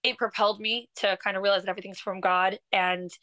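Young singer lady from england, bright chatty voice, dry close sound. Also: mid-range voice, fast, no room sound, poor audio. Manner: animated, laughs often, many fillers and restarts. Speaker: singer and guest. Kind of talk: casual interview chat.

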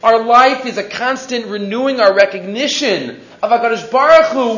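A rabbi teaching a weekly Torah lesson, his voice high and swinging up and down with animation. He threads Hebrew quotes through his English. The recording is roomy and dull, lo-fi. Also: expressive, normal speed, few pauses, fairly bright tone. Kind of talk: weekly Torah portion lecture.

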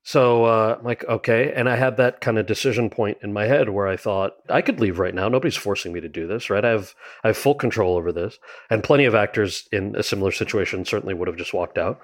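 A man, an actor and writer, telling stories from his career in a casual interview, animated and full of quoted asides. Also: fairly low pitch, quick pace. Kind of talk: conversational storytelling.

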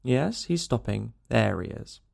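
A man reading an audiobook, voicing a grave, measured male consulting detective. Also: mid-range voice, big pitch swings, vocal fry, a little mellow, exaggerated voice. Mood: alert. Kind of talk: audiobook character voice.

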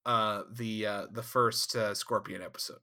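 A man co-hosting a casual podcast, recapping an episode in an animated, laughing and profane way. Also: on the low side, normal speed. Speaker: podcast co-host. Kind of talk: casual chat.

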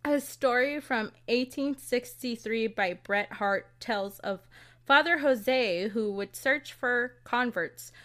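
A woman's voice: a little high, slow, fairly bright tone. A woman with a Californian accent, co-hosting a casual podcast and telling a local legend, laughing often and swearing now and then. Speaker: podcast co-host. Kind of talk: casual storytelling chat.

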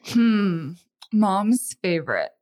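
A woman from Texas, a podcast guest, answering in a thoughtful, measured way with pauses. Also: mid-range voice, big pitch swings, darkish tone. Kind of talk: casual chat.

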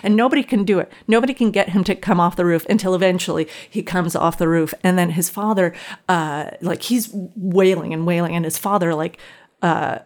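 A woman's voice: on the low side, fairly quick. A woman telling a personal story in casual conversation, rambling with many fillers and restarts.

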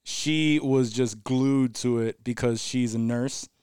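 A man's voice: medium pitch, steady tone, slow pace, a little mellow, clean tone, no room sound, clean studio sound. A man co-hosting a podcast, laughing often and swearing in loose, rambling banter. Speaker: podcast co-host. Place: studio.

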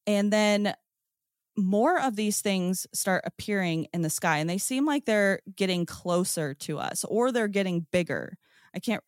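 A woman's voice: medium pitch, no room sound, clean studio sound. Woman telling her story eagerly. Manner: excited storyteller, peppered with "like" and "um". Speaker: podcast guest. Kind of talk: casual first-person storytelling.

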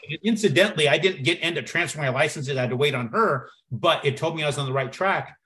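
A man telling a personal story as a podcast guest, acting out the dialogue with lively shifts in his voice. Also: on the high side, fast. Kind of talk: storytelling in conversation.

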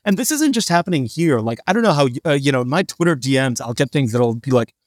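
A man's voice: mid-range voice, animated, fast, no echo, clean studio sound. A man co-hosting a business podcast in casual chat, sarcastic and fond of mocking people by putting on their voices. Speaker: podcast co-host.

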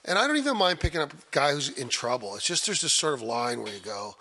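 Gravelly Southern Ontario man, husky and bright. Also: mid-range voice, quick pace. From Canada. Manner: rambling, repeats himself, animated bursts. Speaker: musician guest. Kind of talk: casual interview chat.

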